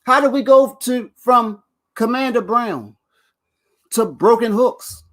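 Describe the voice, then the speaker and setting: A man's voice: extremely high pitch, takes it slowly, a bit bright. A man hosting his own video channel, rambling and swearing as he talks straight to viewers and laughs between lines. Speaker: vlog host. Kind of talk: casual rant to camera.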